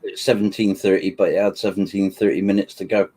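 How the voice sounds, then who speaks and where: A man's voice: low voice, level tone, quick pace, dark tone, slightly rough. An older man, co-hosting a live chat with his son and giving brief, dry replies. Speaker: co-host, the host's father. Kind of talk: casual chat.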